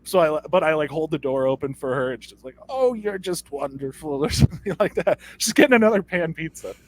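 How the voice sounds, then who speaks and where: High-voiced man telling a rambling story. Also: lively intonation, fairly quick, a little hiss or hum. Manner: rambling, stammering storyteller who mimics customers. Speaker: podcast co-host. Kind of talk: comedic storytelling.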